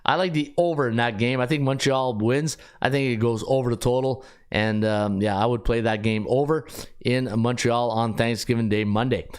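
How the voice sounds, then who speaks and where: Animated man hosting a betting show. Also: mid-range voice, normal speed, clean tone. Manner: animated, rambling, frequent restarts. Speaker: sports betting podcast host. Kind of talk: casual live-stream talk.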